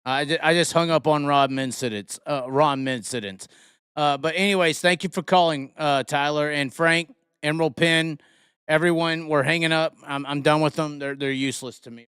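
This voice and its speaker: A man's voice: a little high, steady tone, normal speed, fairly bright tone, smooth, dry recording, studio quality. A man hosting a casual live talk show, rambling and joking with a profane streak. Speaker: host.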